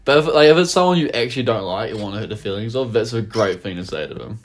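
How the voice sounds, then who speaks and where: A man casually chatting on a podcast, swearing freely and acting out quotes with sudden loud outbursts. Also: on the low side, fast talker. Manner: animated, swears a lot, acts out quotes in loud voices. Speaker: podcast co-host. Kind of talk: casual chat.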